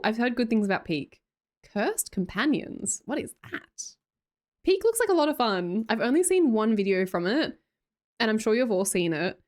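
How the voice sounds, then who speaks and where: Aussie girl chatting on stream, reads chat, laughs a lot, pitch jumps up into squeals. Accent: Australian. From Australia. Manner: chatty, laughs often, breaks into high squeals. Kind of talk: casual chat reading live chat.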